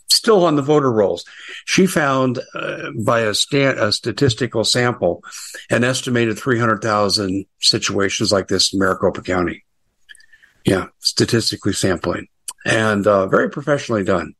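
A man's voice: on the low side, moderate pace, fairly bright tone. A middle-aged American man hosting a casual political commentary show, chatty and sarcastic with frequent asides.

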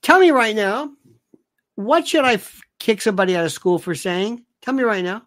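Woman ranting on a livestream, fired up, reading chat out loud. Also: mid-range voice, moderate pace. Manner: animated, ranting, reads chat aloud. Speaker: livestream host. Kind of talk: casual livestream monologue.

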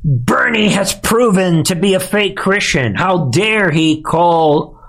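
A whiny online troll, sneering and self-righteous, with a high, nasal mocking tone, as a talk show host puts him on. The voice sits well above a normal man's talking range. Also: lively intonation, takes it slowly, a bit bright, exaggerated voice.

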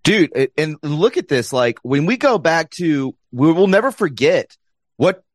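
A man's voice: on the high side, big pitch swings, measured pace, dry recording, clean studio sound. A man co-hosting a political talk show, speaking casually and agreeing with the host.

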